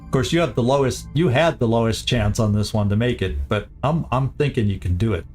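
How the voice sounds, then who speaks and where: A man talks through his game plans as he streams, his voice sitting at an ordinary middle pitch. He mutters, restarts and repeats words as he thinks aloud. Faint game music plays underneath. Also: a little fast, a little mellow. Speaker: gaming streamer. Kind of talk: casual gameplay commentary.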